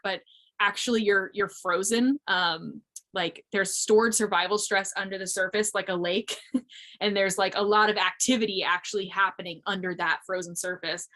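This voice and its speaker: Woman, 30s, from Missouri; interview guest, reflective and chatty, middle pitch. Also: a bit bright. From Missouri, USA. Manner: reflective, frequent "like" fillers, light laughs. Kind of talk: casual interview talk. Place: remote audio interview.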